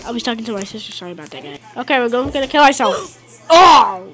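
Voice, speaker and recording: High, excitable gaming woman. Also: fast, low-quality recording. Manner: excitable, yelling and taunting at the game. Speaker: gaming video host. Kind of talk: casual gameplay commentary.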